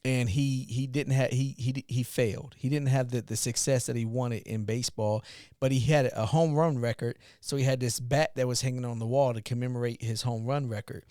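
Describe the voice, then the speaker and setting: A man's voice: mid-range voice, fairly even intonation, moderate pace, mellow, no room sound, clean studio sound. Man retelling a story animatedly. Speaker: podcast co-host, father, youth mentor. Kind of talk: casual storytelling.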